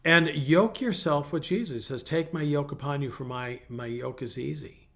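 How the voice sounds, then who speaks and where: Gravelly-voiced folksy male pastor. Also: on the high side, normal speed, a bit bright. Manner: folksy, personal storytelling with frequent restarts. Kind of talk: conversational sermon.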